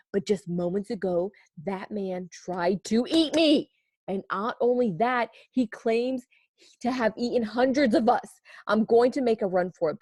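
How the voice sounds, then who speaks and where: A woman voicing a fussy, proud male doughnut who is prim and polite and turns shrill when alarmed. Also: darkish tone, no room sound, clean studio sound, lightly acted.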